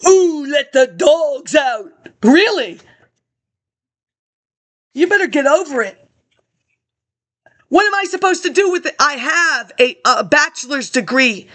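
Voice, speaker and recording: A woman's voice: high-pitched, expressive, measured pace, pauses often, sharp tone. A woman ranting about politics to an absent audience, confrontational and accusing, jumping from topic to topic.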